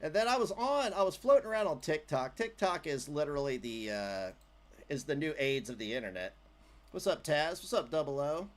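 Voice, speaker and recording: Man, livestream host; casual and jokey, lively pitch. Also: a little fast. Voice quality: animated, jokey, trails off into asides.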